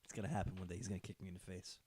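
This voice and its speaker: A man's voice: deep voice, level tone, very fast, crowd noise. A man co-hosting a casual podcast chat, joking in a wry way and letting sentences trail off. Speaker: podcast co-host.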